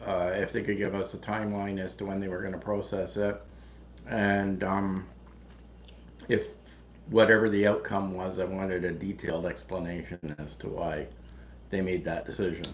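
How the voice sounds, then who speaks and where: A man co-hosting a casual chat, speaking haltingly with many pauses and restarts. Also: low voice, flat delivery. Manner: halting, full of ums and restarts. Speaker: co-host. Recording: echoey room with faint background noise.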